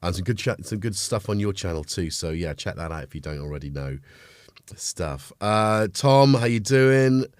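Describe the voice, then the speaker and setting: A man's voice: low voice, animated, normal speed, smooth, no echo, studio quality. A middle-aged man from North Wales with a North Welsh accent, chatting casually with viewers on a live stream while he has a cold. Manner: chatty, greets viewers, jokey asides. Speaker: livestream host.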